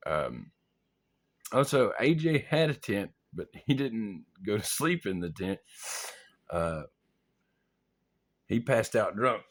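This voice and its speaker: Young male storyteller, gravelly, very lively pitch, laughs and swears, acts out his own lines. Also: unhurried, long pauses. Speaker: vlogger. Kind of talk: casual storytelling.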